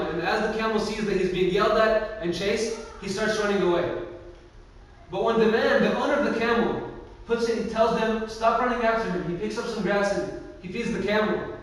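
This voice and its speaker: Young man with a high voice in an echoey hall. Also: moderate pace. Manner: casual, filler-heavy, acts out quoted voices. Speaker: youth speaker. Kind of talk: religious talk with storytelling. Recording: echoey hall recorded from far off.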